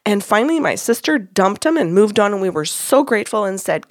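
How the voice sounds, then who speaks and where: A woman hosting a podcast tells a story in a relaxed, lively way and voices what others said without changing her own sound. The recording is dry and close, with no room echo. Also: medium pitch, brisk, hardly any pauses. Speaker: podcast host and medium. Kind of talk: casual storytelling.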